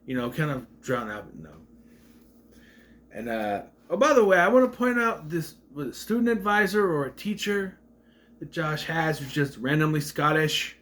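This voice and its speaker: A man rambles through a casual movie rant, his pitch leaping around as he acts out lines. His voice sits a bit high for a man, and he trips over words now and then with a slight stutter. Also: moderate pace. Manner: rambling, animated, acts out quotes in raised voices; mentions a stutter. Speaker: movie reviewer.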